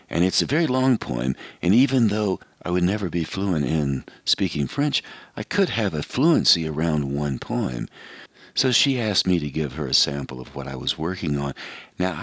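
A man in his seventies with an American accent, a radio host telling a personal story in a relaxed, reflective monologue. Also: sits low, husky, no room sound.

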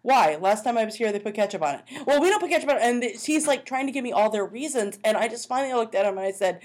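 Animated woman telling a story. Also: fairly high pitch, racing. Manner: animated storytelling, acting out both sides of a dialogue. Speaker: podcast co-host telling a story. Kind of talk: casual chat.

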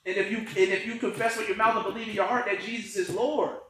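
A man explaining scripture in relaxed, slangy casual talk. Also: high voice, quick pace, a little hiss or hum. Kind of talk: casual faith podcast chat. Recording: echoey room.

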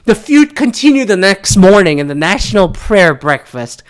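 A man's voice: high-pitched, very animated, moderate pace, smooth. A man hosting a podcast, from Michigan, ranting casually about politics in a profane, rambling, sarcastic way. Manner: profane, rambling, sarcastic, mocking voices of others. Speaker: podcast host.

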